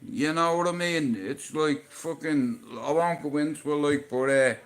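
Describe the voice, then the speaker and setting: A man hosting a livestream, telling a personal story in a casual, emotional way and swearing often. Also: measured pace. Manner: emotional, swears often, swings between low and loud. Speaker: livestream host.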